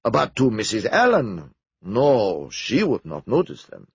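A shrewd, soft-spoken middle-aged detective who asks his questions gently and at a measured pace, voiced by a male reader. The voice is low, with gravelly fry and a husky texture. The sound is dry and a touch muffled. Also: wildly swooping pitch, dry recording, full character voice. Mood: gentle.

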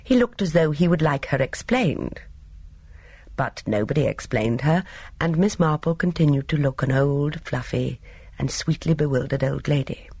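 Gravelly, husky audiobook narrator. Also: medium pitch, dry recording. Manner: steady, measured storytelling. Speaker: audiobook reader. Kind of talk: scripted narration.

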